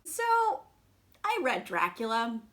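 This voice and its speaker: A young adult woman casually reviewing books on her vlog, chatty and sarcastic, full of fillers and quick laughs. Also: fairly high pitch, big pitch swings, sharp tone. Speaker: book vlogger.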